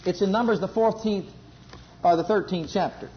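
A man preaching a sermon with fervor, swinging between loud emphatic calls and quiet low asides. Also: normal speed, slight background noise. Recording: dull lo-fi recording.

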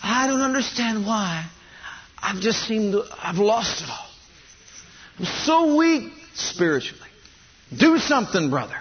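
A man's voice: high-pitched, big pitch swings, a little slow, pauses often, a little hiss or hum, voice pushed up. A preacher voicing a whiny, spiritually weak male churchgoer who pleads and complains. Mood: whiny pleading. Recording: dull lo-fi recording.

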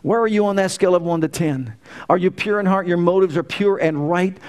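A man's voice: sits high, fairly quick, darkish tone, clear, resonant tone. A middle-aged man preaching a sermon, folksy and humorous, asking the congregation rhetorical questions. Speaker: pastor.

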